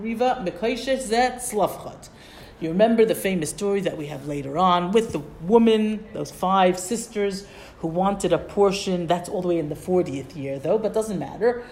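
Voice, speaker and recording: A woman's voice: mid-range voice, darkish tone. A woman teaching a Torah study class, reading Hebrew and Aramaic phrases and translating them, with a lilt and patient questions to her students.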